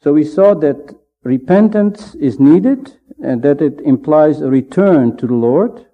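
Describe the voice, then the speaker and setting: Male preacher, slightly high voice, deliberate emphatic Bible teaching, muffled lo-fi sound. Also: expressive. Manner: measured, emphatic, with pauses. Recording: dull lo-fi sound.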